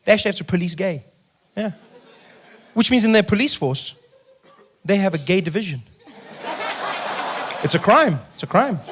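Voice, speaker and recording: A man from Africa, telling stand-up stories in an animated way and acting out the people he meets. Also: high voice. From South Africa. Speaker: stand-up comedian. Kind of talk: stand-up comedy storytelling.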